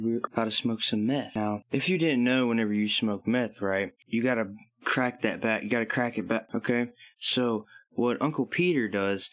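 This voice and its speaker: A man telling a personal story to camera in a casual, rambling, profane way, often chuckling. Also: fairly low pitch. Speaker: vlogger.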